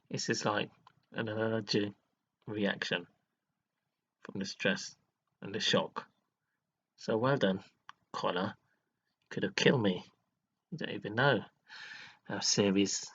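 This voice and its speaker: Heard in lo-fi sound, his voice is lowish, a bit bright and slightly rough. The man, a live streamer, gives an emotional vlog monologue, dramatic and earnest, taking turns scolding and praising his viewers amid abrupt laughs and sighs.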